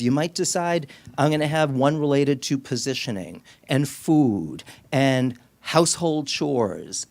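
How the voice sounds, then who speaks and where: A man's voice: a little high, dry recording. A middle-aged man, a speech-language clinician, gives an educational talk to an audience in an auditorium and tells stories in a conversational way with frequent restarts. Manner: storytelling, conversational, with many restarts. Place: medical center auditorium.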